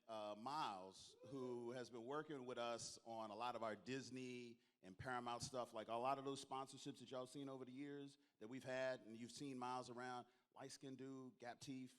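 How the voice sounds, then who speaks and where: A man's voice: mid-range voice, steady tone, moderate pace, few pauses, fairly bright tone, clear, resonant tone. A man, giving a joking, storytelling closing speech to a crowd as a convention organizer. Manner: storytelling, joking, calls on the audience to applaud. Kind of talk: lively onstage speech to a crowd. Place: convention hall stage.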